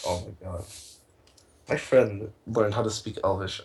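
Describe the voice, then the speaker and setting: A young man co-casting a card game tournament in a casual, rambling, excitable way, with many fillers and restarts. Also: lowish voice, a little slow, slight background noise, rough recording. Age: young adult. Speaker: tournament co-caster.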